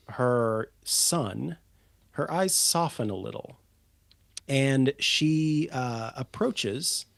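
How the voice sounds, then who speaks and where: Slow, halting game master, man. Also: mid-range voice, no echo. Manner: unhurried, full of ums and uhs. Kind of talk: narrating a tabletop game.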